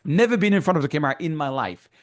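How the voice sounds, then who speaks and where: A man's voice: on the high side, animated, very fast. A man with a French accent, a guest in a casual interview, telling his story with animation and acting out remembered dialogue. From France.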